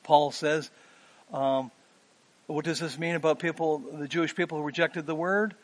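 A man's voice: fairly high pitch, fairly even intonation. Earnest man preaching a sermon. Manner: earnest, rising emphasis with frequent "um" pauses.

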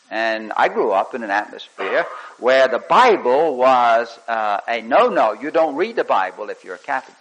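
A man preaching a sermon, swinging between loud emphatic lines and soft hushed ones, with some halting restarts as he tells a story. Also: medium pitch, rough recording.

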